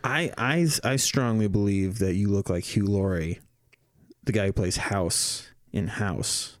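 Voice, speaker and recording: A man chatting on a podcast in a relaxed, musing way. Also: on the low side, a little slow, no echo, studio quality. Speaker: podcast co-host. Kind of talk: casual chat.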